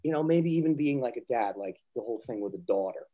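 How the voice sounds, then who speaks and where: Guy on a podcast as the guest, mellow low-ish tone, rambly stories, swears a lot. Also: expressive, fast talker. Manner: storytelling, swears, acts out quotes. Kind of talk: casual chat.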